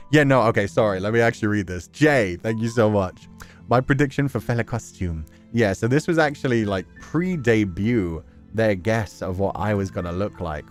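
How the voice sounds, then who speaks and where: A man chatting casually on a live stream, reacting to fan art and laughing often. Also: lowish voice.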